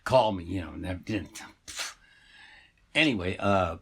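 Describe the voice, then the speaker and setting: A man with a low, husky voice tells a tale in a loose, meandering way. He wanders through asides and fillers as he goes. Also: lively intonation, a little slow, bright, forceful tone. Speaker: storyteller. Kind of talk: rambling casual storytelling.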